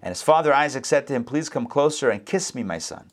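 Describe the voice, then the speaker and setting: A man teaching a scripture lesson to a class, acting out the characters' lines with sudden jumps up in pitch and making chatty asides to his listeners. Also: expressive, fast talker. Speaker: rabbi teaching Torah class.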